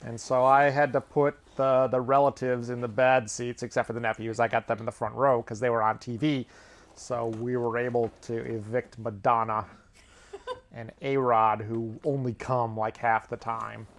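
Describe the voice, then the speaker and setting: A man hosts his own comedy show, wandering through a loose monologue with dry, sardonic asides. He often chuckles at his own jokes, and his voice sits in an ordinary middle pitch. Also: little pitch movement, moderate pace. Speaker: host.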